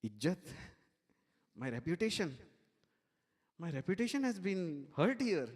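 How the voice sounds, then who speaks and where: Man doing a sulking small boy, petulant, slightly high, long hall echo. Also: very animated, measured pace, heavily acted. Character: small boy Krishna, sulking, hurt pride.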